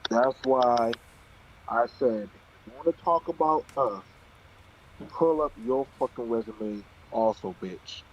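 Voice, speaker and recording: A man's voice: mid-range voice, takes it slowly, slight background noise. A man hosting a heated panel talk, blunt and profane. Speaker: show host. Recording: dull lo-fi audio.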